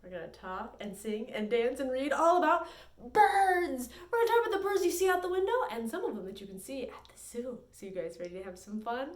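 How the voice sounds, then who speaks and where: High bubbly librarian woman, echoey room. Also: very animated, fairly quick. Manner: bubbly, sing-song, playful. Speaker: children's librarian. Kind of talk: virtual story time for kids.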